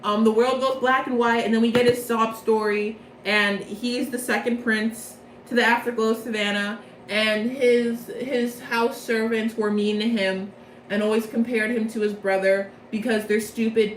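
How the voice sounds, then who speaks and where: A woman's voice: fairly high pitch, flat delivery, unhurried. Brief: casual, self-correcting woman recapping a story, distant mic, faint background hum. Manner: rambling, chatty, self-interrupting. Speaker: vlogger. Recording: echoey room, mic far off.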